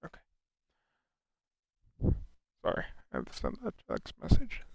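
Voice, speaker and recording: A man's voice: unhurried, darkish tone, no room sound. A young American man casually chatting on his live stream, reading viewers' questions aloud and answering them with frequent restarts. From United States. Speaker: livestreamer.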